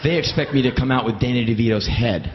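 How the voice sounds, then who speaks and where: A man's voice: mid-range voice, fast talker, highs cut off, heavy background noise. A man doing live comic storytelling, wry and emphatic, swearing freely. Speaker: spoken word storyteller.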